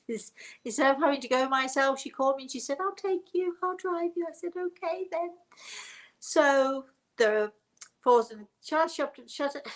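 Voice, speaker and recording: A woman's voice: on the high side, a bit bright, low-quality recording. An older woman chats off the cuff, her stories running on and doubling back. She laughs easily as she goes. Her voice comes through a computer mic on a live stream. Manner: chatty and rambling, laughing often. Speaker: host, spiritual medium and author. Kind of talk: casual live-stream chat.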